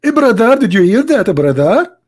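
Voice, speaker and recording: A man voicing an excited, pestering man who keeps calling everyone brother, in shrill, exaggerated mockery. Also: moderate pace. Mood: mocking, excited.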